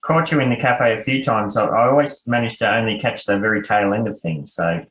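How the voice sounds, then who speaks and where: A man's voice: fairly low pitch, a little fast, fairly bright tone, slight background noise. An Australian man co-hosting a casual online chat in a dry, laid-back way. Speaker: co-host. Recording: echoey room.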